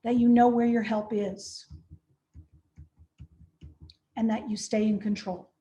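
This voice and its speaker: A woman's voice: on the high side, little pitch movement, moderate pace, warm tone. A woman trainer giving a professional training lecture, conversational, often checking in with "right?". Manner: conversational, frequent "right?" tag questions.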